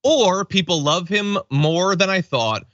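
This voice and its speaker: A man hosting a political commentary show, sarcastic and animated in how he talks. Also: high-pitched, measured pace, no room sound, dull audio. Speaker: host.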